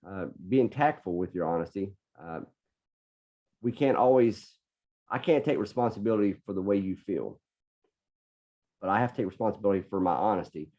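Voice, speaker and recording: Earnest middle-aged man telling a story. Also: on the low side. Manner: earnest, repeats words while gathering thoughts. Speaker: guest. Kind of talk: personal storytelling. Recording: dull lo-fi podcast audio.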